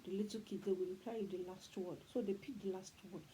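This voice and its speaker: Speaking fast but in a steady, warm, mid-range voice, a middle-aged parenting talk host with a Nigerian Yoruba accent gives earnest advice. She's emphatic and preachy, restating her points again and again, and the low-quality recording has faint background noise.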